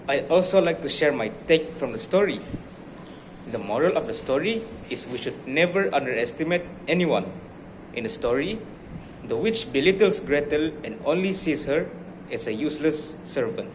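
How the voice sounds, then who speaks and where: A man's voice: on the high side, a little hiss or hum. A man acting as a teacher, asking questions, praising answers and reading a story aloud in an encouraging way. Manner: slow, encouraging, animated reading. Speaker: teacher in a classroom role-play.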